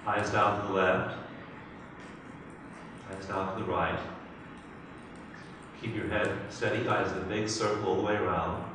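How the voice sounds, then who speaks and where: A man leads a tapping session in a directive, coaching manner, prompting phrases to repeat. His voice is fairly low. He is heard from a distance in a roomy, echoing space with audible background noise. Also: fairly even intonation, unhurried, pauses often. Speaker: EFT practitioner. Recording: echoey room, distant mic, noise.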